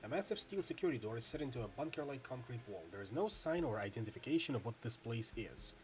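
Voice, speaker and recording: A man narrating a video game's text aloud, steady and descriptive with occasional slips. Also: medium pitch, fast talker, soft background music. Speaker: narrator reading a video game.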